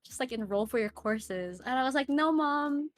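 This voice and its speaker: A young woman, a streamer appearing as a podcast guest, tells a personal story in a casual interview, speaking fairly quickly in a voice on the high side. She's chatty, fills her speech with "like" and "right?", and acts out other people's lines.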